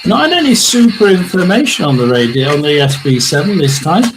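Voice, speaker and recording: A man's voice: a little high, sing-song, brisk, noisy background. Chatty man reading tarot live. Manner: rambling, chatty, many fillers and throat clearing. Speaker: tarot reader and livestream host. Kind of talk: casual livestream tarot reading.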